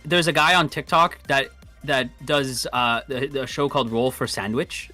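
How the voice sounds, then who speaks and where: A man's voice: mid-range voice, steady tone, normal speed, bright, forceful tone, faint music behind. A man chatting casually as a guest on a cooking stream, eager and rambling, poking fun at himself. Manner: eager, rambling, self-deprecating. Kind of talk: casual chat.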